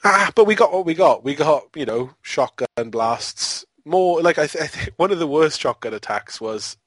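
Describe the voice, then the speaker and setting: A man's voice: on the high side, expressive, normal speed, no room sound. Rambling, amused man reviewing a film. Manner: rambling, amused, laughs often, trails off mid-sentence. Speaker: podcast co-host. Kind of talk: casual film review chat.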